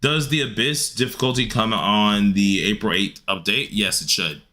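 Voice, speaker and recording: A man's voice: on the low side, normal speed, sharp tone. Laid-back man streaming a game. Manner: laid-back and slangy, answering chat, laughs often. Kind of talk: casual livestream chat while gaming.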